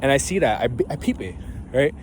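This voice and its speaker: A man's voice: mid-range voice, big pitch swings, a little fast, a little hiss or hum. Young man rambling casually outdoors. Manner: profane, ends phrases with "right?"; loose, laughing, preachy about self-belief. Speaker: vlogger.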